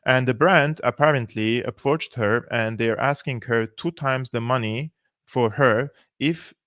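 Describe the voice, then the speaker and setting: A man's voice: mid-range voice, unhurried, fairly bright tone, dry recording, studio quality. A man hosting a political commentary channel, talking casually and sarcastically with many fillers. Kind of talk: casual commentary on played clips.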